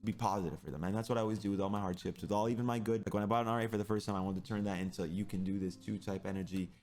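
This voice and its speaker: A man's voice: on the low side, steady tone, racing, a little mellow, soft background music. A young man who streams, telling a personal story in an intense, rambling way that is full of swearing.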